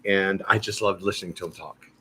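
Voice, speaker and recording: A man chatting casually on a live stream, telling stories with playful, animated energy. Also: low-pitched, fast, slight background noise. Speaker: show regular and guest voice actor.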